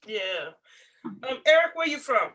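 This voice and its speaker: A woman's voice: fairly high pitch, very animated, measured pace, a bit bright, far from the mic. A woman host moderating a group conversation, adding brief encouraging interjections.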